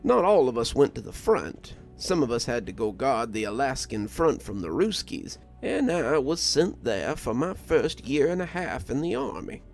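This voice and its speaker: A man voicing a kindly old mountain grandfather who spins folksy, unhurried yarns. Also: mid-range voice, sing-song, creaky, darkish tone, soft background music. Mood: reminiscing. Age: older. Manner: folksy, unhurried yarn-spinning.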